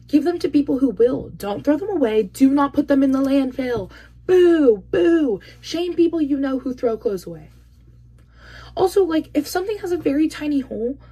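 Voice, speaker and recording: A woman's voice: a little high, warm tone, husky. A young woman talking casually to camera in a vlog, chatty and opinionated with emphatic bursts. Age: young adult. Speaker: vlogger.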